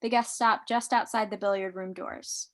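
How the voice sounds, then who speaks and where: A woman briskly reading stage directions in a live script reading, lightly amused. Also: medium pitch, fairly even intonation, fairly bright tone.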